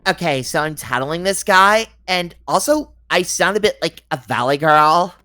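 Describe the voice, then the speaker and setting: A man's voice: fairly high pitch, animated, normal speed, pushed and bright, pitched above the performer's own voice. A man doing a bubbly valley girl.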